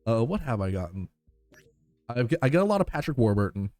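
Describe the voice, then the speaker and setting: Streamer guy chatting to chat, warm mellow voice, kinda low, dry close sound. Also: big pitch swings, a little fast, dry recording, faint music behind. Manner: chatty, thankful, rambling with fillers. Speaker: live streamer. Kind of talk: casual live-stream chat.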